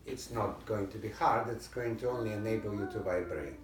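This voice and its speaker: A man's voice: lowish voice, brisk, hardly any pauses, a crowd in the background. Man coaching a violin lesson, roomy. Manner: sings rhythms and calls out commands over playing. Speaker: violin teacher. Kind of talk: private music lesson coaching. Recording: roomy and distant, violin playing behind.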